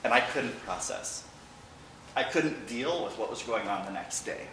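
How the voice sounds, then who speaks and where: A man giving an emotional personal remembrance of his late father to a church congregation, halting at times but with wry humor. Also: on the low side, expressive, sharp tone, distant mic, slight background noise. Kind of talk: personal storytelling speech. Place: large church hall. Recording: echoey hall, picked up from afar.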